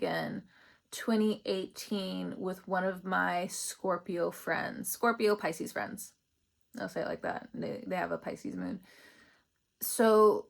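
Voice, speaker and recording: Woman, young adult, gravelly fry voice, rambling chatty tarot reading. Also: mid-range voice. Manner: rambling, chatty, laughs often. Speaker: tarot reader. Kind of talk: casual spiritual reading.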